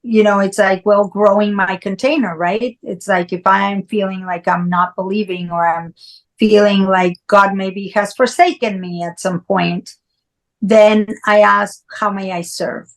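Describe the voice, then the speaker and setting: Woman, podcast co-host; medium pitch, reflective and earnest. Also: steady tone, measured pace, poor audio. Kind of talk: casual chat.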